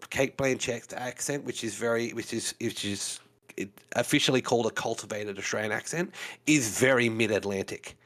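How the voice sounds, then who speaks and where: A man's voice: medium pitch, a bit bright. A man co-hosting a casual podcast chat, explaining things at length and leaning on fillers like "you know". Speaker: co-host.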